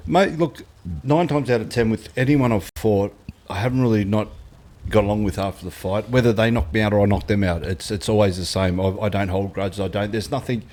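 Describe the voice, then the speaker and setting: A middle-aged Australian man with a fairly low voice tells fight stories in a blunt, sweary way. He drops into quoted lines as he goes, and the chat stays relaxed and unscripted. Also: fairly quick. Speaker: guest, former fighter. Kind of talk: casual podcast chat.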